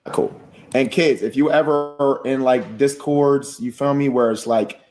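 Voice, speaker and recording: A man's voice: medium pitch, fairly even intonation, unhurried, a little mellow, soft background music. A man with a mid-range voice talks on a casual livestream. He sounds subdued and serious, circling back over the same point several times.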